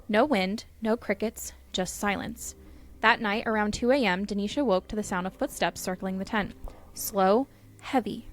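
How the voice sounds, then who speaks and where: Playful woman reading spooky tales. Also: medium pitch. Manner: dramatic storytelling with playful laughs. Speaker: podcast co-host. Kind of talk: reading spooky stories aloud.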